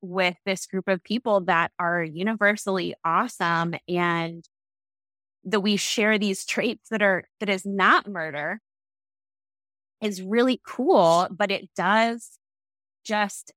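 A woman's voice: mid-range voice, takes it slowly, no echo. A woman in her late thirties telling a personal story in an earnest, reflective conversational way. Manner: earnest, reflective, lively when quoting others.

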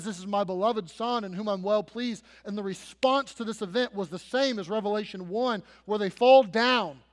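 Man, pastor, sermon, high voice, dramatic storytelling, long hall reverb. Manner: dramatic storytelling, dips soft then builds to loud emphasis.

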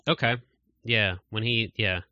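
A man's voice: fairly low pitch, steady tone, unhurried, no echo, lo-fi sound. A man hosting a podcast in casual chat, rambling with many fillers. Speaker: podcast host.

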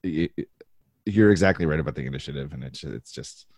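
A man with a very deep, husky voice talks thoughtfully through a card game, hedging his points with fillers. The sound is close and dry. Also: expressive, a little fast, a little mellow, dry recording. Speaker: podcast co-host. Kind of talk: casual chat about a card game.

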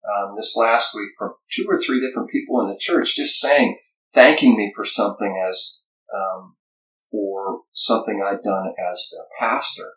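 An earnest pastor with a lowish voice talks reflectively as a podcast guest. He stops and restarts his sentences often. He sounds set back from the mic in a roomy, echoing space. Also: fairly bright tone. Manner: earnest, halting, many restarts. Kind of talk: reflective conversation. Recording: echoey room, distant from the mic.

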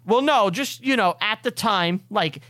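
Male podcast host, jokey and crude, animated delivery with a dry, close sound. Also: sits high, unhurried, dry recording. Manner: joking, animated, crude humor. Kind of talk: casual chat.

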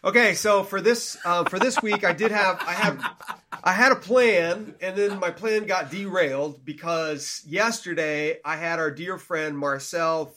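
A man's voice: high voice, a little slow. A young man co-hosting a casual faith podcast, telling a story and acting out the voices of the people in it. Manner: animated storyteller, acts out quoted dialogue. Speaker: podcast co-host.

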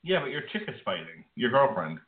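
A man's voice: medium pitch, big pitch swings, brisk. A man co-hosting a casual podcast, joking, teasing and rambling between announcements. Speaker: podcast co-host. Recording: tinny phone-like sound in an echoey room.

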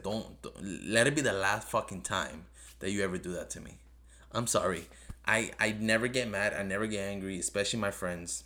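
Rambling podcast host, lower voice. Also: male voice, fairly bright tone. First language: not English. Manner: rambling, talks off the cuff; earnest, pleading, repeats himself. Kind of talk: casual solo podcast review.

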